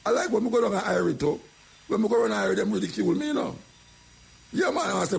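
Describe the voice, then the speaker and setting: A man's voice: high-pitched, huge pitch swings, quick pace, vocal fry, slight background noise. An older Jamaican man talking in a casual monologue, repeating phrases as he tells his story in patois. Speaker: radio talk host.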